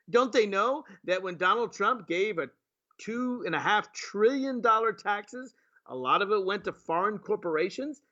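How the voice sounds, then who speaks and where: A man's voice: high voice, animated, normal speed, bright, forceful tone. A man, a state delegate, giving mocking commentary on clips he plays, full of rhetorical questions. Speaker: state delegate hosting a livestream. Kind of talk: sarcastic commentary on played clips. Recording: dull lo-fi stream audio.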